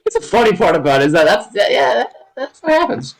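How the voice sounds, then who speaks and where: A young man joking around in a casual chat with friends, his voice sometimes cracking up high. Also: wildly swooping pitch, quick pace, creaky, crowd noise.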